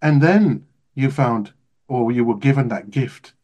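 A man's voice: medium pitch, a little slow, darkish tone, highs cut off. A man hosting an interview, effusive, asking rhetorical questions and repeating his points for emphasis. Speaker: podcast host. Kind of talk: interview conversation.

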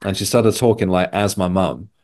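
A man's voice: low-pitched, moderate pace, darkish tone. A man from England, a podcast guest, telling a personal story in a loose, rambling way with frequent restarts. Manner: rambling, self-correcting storyteller. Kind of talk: casual conversation.

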